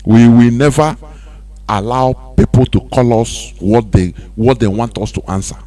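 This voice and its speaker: A man's voice: mid-range voice, normal speed, dark tone. A man with a Nigerian accent hosting a radio show, delivering a preachy monologue full of rhetorical questions that slides into sing-song emphasis. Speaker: radio host. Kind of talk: impassioned monologue. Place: radio studio.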